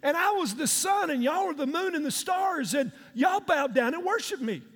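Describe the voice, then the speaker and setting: A man's voice: extremely high pitch, expressive, normal speed, a bit bright, heavily acted. A preacher acting out a cocky young man in a brash, boastful, slangy way. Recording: long hall reverb.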